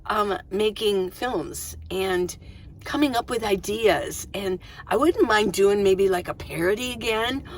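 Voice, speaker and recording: A woman's voice: medium pitch, measured pace, a little hiss or hum. A middle-aged woman vlogging from inside her minivan, chatting casually and rambling, often restarting her sentences. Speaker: van-life vlogger. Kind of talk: casual chat to camera.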